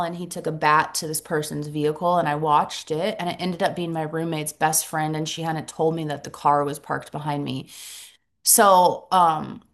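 A middle-aged woman sharing her story at a support meeting, earnest and reflective, pausing often and restarting her sentences. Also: fairly low pitch. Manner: halting, earnest, reflective, many pauses and restarts. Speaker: recovery group member sharing.

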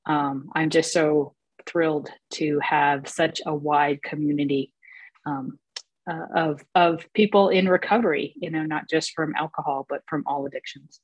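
A woman's voice: sits low, fairly even intonation, a little slow, husky, no echo. A woman sharing her story at a recovery meeting, hesitant, with many fillers and restarts. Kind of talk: personal share at a recovery meeting.

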